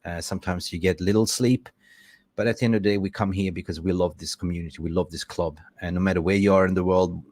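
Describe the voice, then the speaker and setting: A young man hosts a football fan podcast livestream, speaking in a lowish register. The sound is dry and close. He is effusive, reels off supporter shout-outs, and stumbles over unfamiliar names. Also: fairly even intonation, quick pace, dry recording. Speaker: podcast host.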